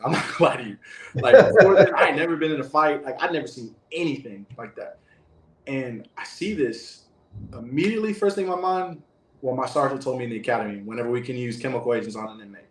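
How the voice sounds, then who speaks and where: A man in a middle register recounting events as an interview guest, his telling loose and rambling, full of restarts and fillers. He sounds like he is sitting in a roomy, echoing space. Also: mid-range voice. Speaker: former prison guard, interview guest. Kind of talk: casual first-person storytelling.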